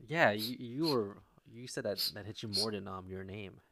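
A man's voice: fairly low pitch, moderate pace, fairly bright tone. A young man in casual chat, laid-back and dry, understated about his feelings.

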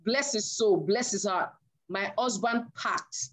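A woman, preaching with animated storytelling. She acts out the dialogue as she tells it, and her voice sits a little high. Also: unhurried. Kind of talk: sermon storytelling.

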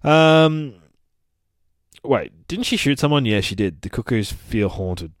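A man hosting a comic book podcast, gushing and swearing excitedly in a rambling casual review. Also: medium pitch, slow, no echo, clean studio sound. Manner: rambling, with many fillers.

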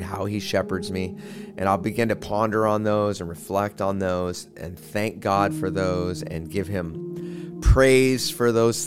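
Low-voiced man teaching prayer over spa music. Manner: relaxed, halting, with many fillers and restarts; slow, drawn-out meditative reading. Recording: spa music playing behind. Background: soft spa music.

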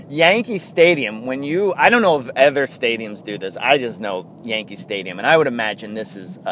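Animated rambling man, light street noise. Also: medium pitch. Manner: rambling, laughs often, animated. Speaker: podcast host. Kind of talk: casual storytelling chat.

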